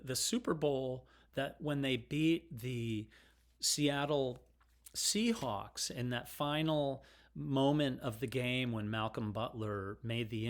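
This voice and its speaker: Middle-aged guy rambling to his camera, frank, wanders off topic, mid-pitched voice. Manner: rambling and digressive, frank and emotional. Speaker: vlogger. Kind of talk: casual rambling monologue.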